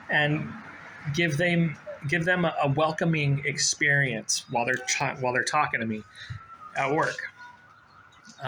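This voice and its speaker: Bright-voiced man in his forties giving rambling advice. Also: medium pitch, a little hiss or hum, low-quality recording. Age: 40s. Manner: rambling, repeats himself, frequent fillers and restarts. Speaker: vlogger giving job advice. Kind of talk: casual advice talk to camera.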